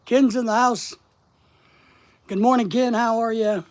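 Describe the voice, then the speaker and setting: A man's voice: very high voice, fairly even intonation, unhurried, long pauses. Guy on a live stream reading from a book and chatting about it, leans hard on key words. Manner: emphatic, stresses key words, reflective. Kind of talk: reading a book aloud and commenting.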